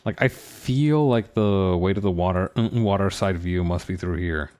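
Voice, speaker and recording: Low-voiced man playing a video game. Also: moderate pace, darkish tone. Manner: musing, thinks aloud with restarts. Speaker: game streamer. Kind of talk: let's play commentary and reading game text aloud.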